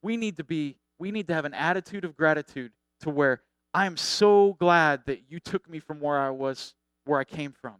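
A middle-aged man preaching a sermon as a pastor, conversational and animated, acting out the people he quotes. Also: on the high side, normal speed, smooth, no echo.

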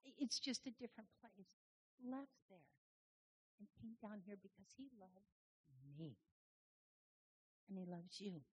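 Husky woman giving a chatty sermon. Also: medium pitch, expressive, a little slow, pauses often, a little mellow. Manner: conversational, chatty with the audience, many restarts. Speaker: church speaker. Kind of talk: informal sermon to a congregation.

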